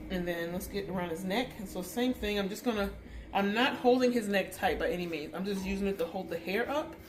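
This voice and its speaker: A chatty woman dog groomer walks through a grooming tutorial, breaking off to coo baby talk at the dog. Her mid-range voice bounces around a roomy space, with a faint hum of background noise. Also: medium pitch. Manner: chatty, coos baby talk at a wiggly dog between explanations.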